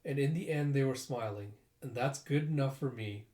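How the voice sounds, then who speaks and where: A man reading the lines of a polite, gentle young woman from a comic, in a lightly raised voice. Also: medium pitch, moderate pace, echoey room, close to an everyday voice.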